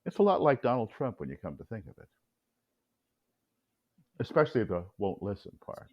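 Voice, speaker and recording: A man's voice: on the low side, sing-song, normal speed, muffled recording. A man speaking as a guest in an interview, blunt and combative, acting out quoted exchanges as he talks. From United States. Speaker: author and cultural commentator, guest.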